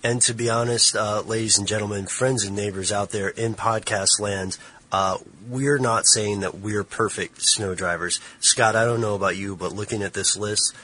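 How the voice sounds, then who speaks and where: Male podcast co-host: bright, playful, easy banter. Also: fairly low pitch, fairly even intonation, moderate pace. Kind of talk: casual chat.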